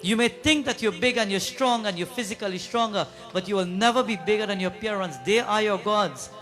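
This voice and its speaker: A high-pitched man preaching a sermon at a prayer gathering, retelling a devotional story. He turns often to the listeners with questions and slips into sung verses, with soft music faint behind him. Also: brisk, hardly any pauses. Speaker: pundit.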